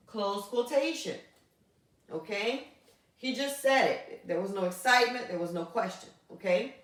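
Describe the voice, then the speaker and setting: A woman teaching a grammar lesson. She is patient, checks in often with a quick question, and spells things out slowly one word at a time. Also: on the high side, big pitch swings, a bit bright, distant mic. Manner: patient, checks in with frequent "okay?". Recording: echoey room, voice from off mic.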